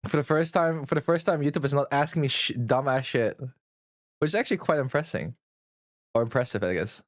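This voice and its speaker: A man's voice: mid-range voice, expressive, a little fast, pauses often, dry recording, clean studio sound. A man livestreaming and answering chat in a blunt, profane, teasing way.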